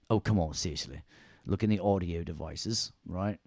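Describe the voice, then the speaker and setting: A man's voice: deep voice, moderate pace, a little mellow, no room sound, studio quality. A man teaching an audio production class in a chatty, self-mocking way, grumbling at his computer. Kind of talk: classroom lesson.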